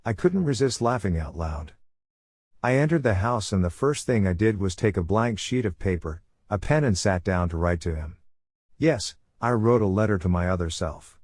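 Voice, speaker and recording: A man narrating a first-person horror story in a measured, brooding way. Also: fairly low pitch, expressive, a little mellow, no echo, studio quality.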